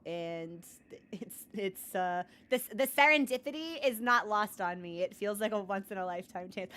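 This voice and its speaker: A young woman livestreams from her computer desk, chatting casually and earnestly with her viewers. Her mid-range voice is sing-song and a bit bright, moving at a measured pace. She rambles, restarting often and dropping in lots of "like"s.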